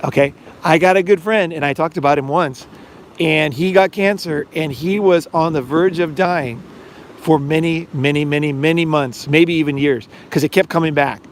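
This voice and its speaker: A middle-aged podcast host and life coach, his voice on the high side, talks at a moderate pace through a loose, filler-heavy monologue. He acts out quoted conversations, and a little hiss or hum can be heard.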